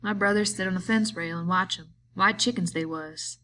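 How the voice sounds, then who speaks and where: A woman voicing a bitter, lonely man who taunts a friend, in a slow, drawling rural way of talking. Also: lowish voice, a bit bright, a little hiss or hum, lightly acted. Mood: brooding.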